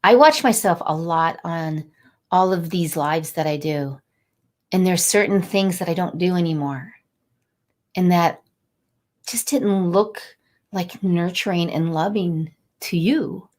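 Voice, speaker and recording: A middle-aged woman talking warmly and a little rambling as she encourages viewers during a live motivational stream. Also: lowish voice, slow. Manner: warm, encouraging, rambling and conversational. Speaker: angel card reader and inspirational host.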